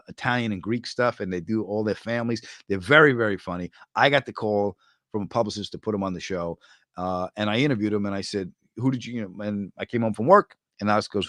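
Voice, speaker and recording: Animated man telling stories. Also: fairly low pitch, dry recording, clean studio sound. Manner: animated storyteller, quick quips and movie-line impressions. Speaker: podcast host. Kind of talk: casual chat reading viewer comments.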